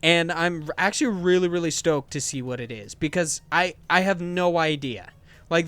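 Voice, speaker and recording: A man's voice: a little high, brisk, a bit bright, clean tone. A man hosting a games podcast, chatting casually and enthusiastically, rambling with restarts. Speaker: podcast host.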